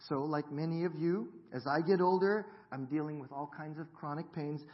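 A man in his fifties preaches in a church, joking and talking easily with his congregation. His voice sits a little high for a man. The recording sounds dull and lo-fi. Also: moderate pace. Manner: jokey, self-deprecating, chatty with the congregation. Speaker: pastor. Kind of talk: sermon. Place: church sanctuary.

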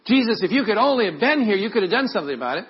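Man voicing a grieving sister, pleading and raised, pitched way up, dull sound. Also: big pitch swings, very fast. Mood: reproachful. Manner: pleading, reproachful. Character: grieving woman reproaching a late friend.

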